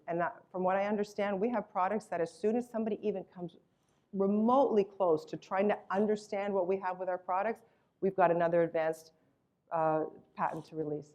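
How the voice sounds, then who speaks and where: A woman's voice: mid-range voice, a little mellow. A woman giving an enthusiastic, emphatic sales presentation about her company's products. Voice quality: acts out voices when retelling a story.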